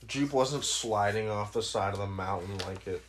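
Laid-back low-voiced young man. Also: moderate pace, a little hiss or hum. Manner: laid-back, chiming in and laughing along. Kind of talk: casual chat.

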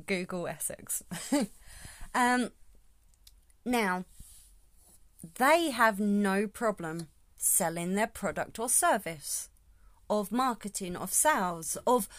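A woman's voice: medium pitch, no room sound. A woman hosting her podcast in a casual, rambling solo talk, thinking aloud as she goes. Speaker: podcast host.

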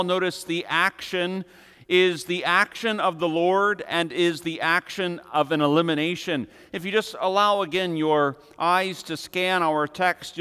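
A man preaching an expository sermon with measured, emphatic repetition. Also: a little high, a bit bright, clean tone. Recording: long hall reverb.

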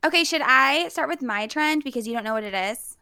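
Bright-voiced woman co-hosting a podcast. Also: high-pitched, expressive, fairly quick, smooth, no echo, clean studio sound. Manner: upbeat, uses trendy slang. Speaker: podcast co-host. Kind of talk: casual chat.

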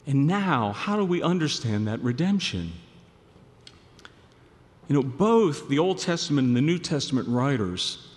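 A male pastor preaching a sermon, swelling to loud emphatic peaks and then dropping low and quiet. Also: big-room sound.

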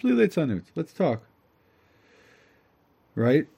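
A man teaching a lesson in an animated, chatty way, reading a story aloud, translating it and breaking into asides. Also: a little high, slow pace, vocal fry, husky.

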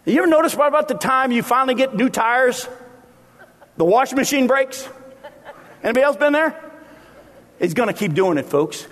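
A man preaching a sermon as pastor, animated and acting out the voices he quotes. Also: high voice. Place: church sanctuary. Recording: long reverb of a church hall.

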